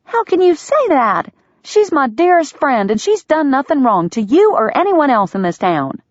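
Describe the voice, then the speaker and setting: A spirited young frontier woman with a quick-witted, indignant way of arguing, her voice leaping up and down in pitch, as a woman narrator plays her. The recording is dry and somewhat dull. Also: lively intonation, no echo, lightly acted.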